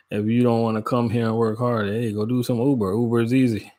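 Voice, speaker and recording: A man's voice: medium pitch, flat delivery, fairly quick, warm tone. A man from Jamaica hosting a casual livestream, chatting in laid-back slang, greeting viewers by name and laughing often. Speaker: livestream host. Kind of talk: casual live chat with viewers.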